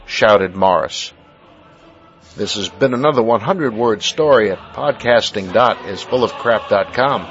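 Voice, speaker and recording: A man reading a short comic story aloud in a dry, deadpan storytelling way. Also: lowish voice, a little slow, breathy edge. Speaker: story contributor. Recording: dull lo-fi with faint music.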